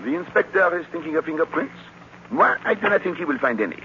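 A man's voice: on the high side, expressive, fast, pushed and bright, a little hiss or hum. A man playing a fussy, polite Belgian detective with a French-speaking Belgian accent, in a 1940s radio drama, talking in a florid, precise way and dropping in French words. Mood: suave. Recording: dull lo-fi old radio recording.

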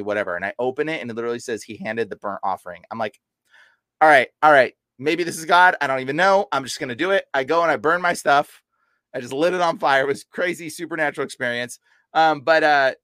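A young man as a podcast guest, telling an animated story and acting out quotes with sudden jumps in pitch. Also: no room sound. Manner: excitable, acts out quotes with big pitch jumps. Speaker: podcast guest, deliverance minister. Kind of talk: animated storytelling in casual chat.

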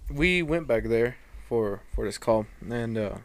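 Guy of medium pitch, easygoing storyteller, dry close mic. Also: animated, a little slow, dry recording. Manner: laid-back, swears casually. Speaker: podcast guest. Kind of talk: casual storytelling.

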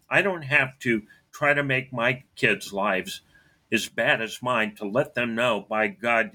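Man with a bright, forceful voice. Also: medium pitch. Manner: frequent throat clearing, emphatic and earnest. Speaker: storyteller recounting his life. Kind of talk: personal storytelling.

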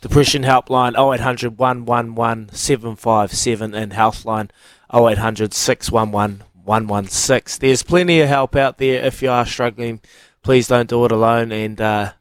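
A New Zealand man co-hosting a radio show, speaking in an earnest, brisk way. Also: medium pitch, steady tone, no room sound. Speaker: radio co-host. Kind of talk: casual radio chat. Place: radio studio.

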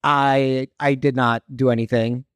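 A man's voice: medium pitch, measured pace, smooth, no echo, clean studio sound. A man co-hosting a casual podcast debate, telling stories with lots of animation and acting out voices. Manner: animated storyteller who acts out voices. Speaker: podcast co-host.

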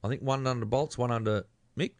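A man with an Australian accent, co-hosting a casual footy chat podcast, animated and jumping to high exclamations. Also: a little fast, dry recording, studio quality. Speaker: podcast co-host.

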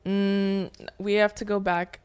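A woman's voice: mid-range voice, level tone, takes it slowly, darkish tone, smooth. A woman chatting casually on a podcast, joking and laughing a lot.

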